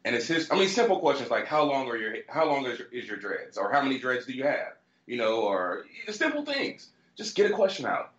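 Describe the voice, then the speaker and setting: Animated man telling a story. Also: mid-range voice, fairly quick, hardly any pauses, reverberant, lo-fi sound. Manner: animated storyteller, shouting out quoted lines. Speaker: podcast co-host. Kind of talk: casual storytelling chat.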